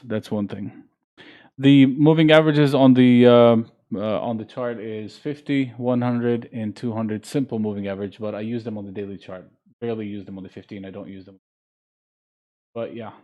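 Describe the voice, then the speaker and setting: A man's voice: medium pitch, dark tone. A man from Jordan, a market analyst hosting a live trading stream, talking casually and thinking aloud with fillers.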